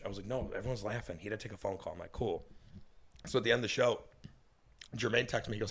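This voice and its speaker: A man's voice: on the low side, racing, slight background noise. A young man, a stand-up comedian guest on a podcast, telling a long story in casual chat, swearing freely and acting out what people said. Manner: animated, swears a lot, acts out quoted dialogue.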